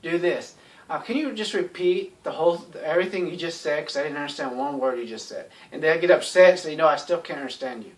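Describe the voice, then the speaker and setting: A man's voice: a little high, fairly quick, far from the mic. A man talking in a casual, rambling monologue, blunt and sarcastic, with lots of "you know" fillers. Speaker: YouTube commentator.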